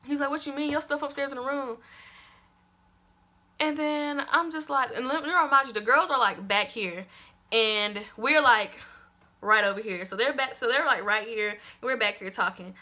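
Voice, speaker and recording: Fairly high-pitched and speaking at a normal speed, a young woman shares a personal story for her storytime vlog. She's animated and emphatic, drops casual swears, and repeats lines to drive them home.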